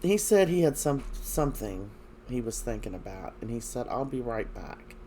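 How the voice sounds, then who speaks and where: A man giving a casual recap of soap opera episodes, hesitant, with many fillers and frequent throat clearing. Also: medium pitch, big pitch swings, normal speed, dark tone, slight background noise.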